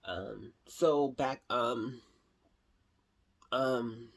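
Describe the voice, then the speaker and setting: A woman vlogging casually to camera, chatty and expressive, often calling viewers honey. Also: a bass voice, very slow, creaky, slightly rough.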